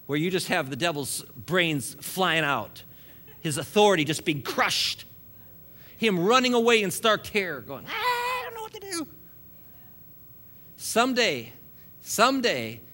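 A male preacher with a bright, forceful voice, pitched a little high for a man. He preaches with humor, laughs between points and drives his emphasis upward. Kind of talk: sermon.

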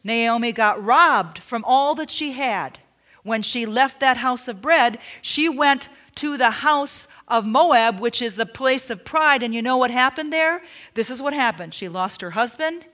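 A woman's voice: a little high, measured pace. A woman pastor preaching a sermon, emphatic, with frequent restarts and "you know"s. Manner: drops to a hushed near-whisper when retelling a tender story.

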